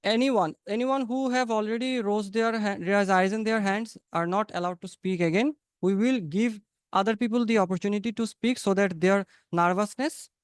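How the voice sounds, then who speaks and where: A man teaches English conversation over a webinar video call. His voice is high and notably clear. The sound is dry and close, and he coaches his students by repeating his points. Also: normal speed, dry recording. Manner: encouraging, repeats phrases, coaching tone.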